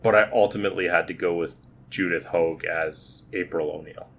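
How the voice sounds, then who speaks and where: Low-voiced man chatting about movies. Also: fairly even intonation, moderate pace, fairly bright tone, a little hiss or hum. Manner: talkative, repeats words while thinking. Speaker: podcast co-host. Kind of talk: casual movie review chat.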